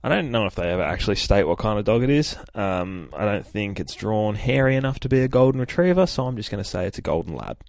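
A man's voice: fairly low pitch, big pitch swings, fast, vocal fry, hardly any pauses, a little mellow, no room sound, clean studio sound. A man hosting a podcast, casually retelling a comic with frequent swearing and laughter. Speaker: podcast host. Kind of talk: casual comic book review.

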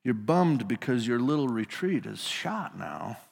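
A man's voice: mid-range voice, big pitch swings, a little slow, vocal fry, darkish tone, breathy edge, long reverb tail. A male pastor preaching a sermon in a casual storytelling manner, putting his listeners into the scene.

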